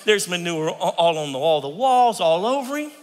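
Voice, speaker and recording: A man preaching a sermon as pastor, animated and playful, slipping into mock voices. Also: sits high, normal speed. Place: church sanctuary. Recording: long church reverb.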